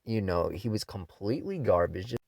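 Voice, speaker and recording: A man's voice: on the low side, sing-song, normal speed, gravelly, darkish tone, no echo, studio quality. A man who hosts his own channel, giving an exasperated, profane rant review of manga.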